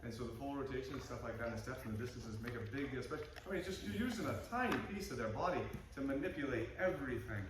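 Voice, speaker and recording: A man's voice: mid-range voice, rapid-fire, hardly any pauses. A man instructor explaining technique in a plain-spoken way at a martial arts class debrief. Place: martial arts training room. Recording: echoey room, far from mic, noisy.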